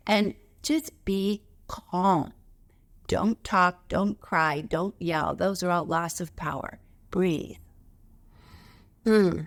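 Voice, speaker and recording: A woman teaching spiritual practice, speaking calmly and emphatically as she guides slow breathing exercises. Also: on the low side, vocal fry.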